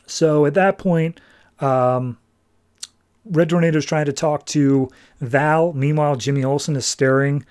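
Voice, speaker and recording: A man on a podcast casually recaps a comic book, talking in a loose, rambling way. His voice sits a little higher than most men's. He keeps sprinkling in "like" as he goes. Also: steady tone, unhurried, darkish tone, smooth. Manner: loose, chatty retelling full of "like" and quoted dialogue. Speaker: podcast host.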